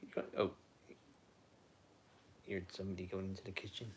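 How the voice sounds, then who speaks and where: Guy rambling on a live stream at home, slightly low voice, chats to his dog. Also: little pitch movement, a little fast, a little hiss or hum. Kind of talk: casual live-stream chat.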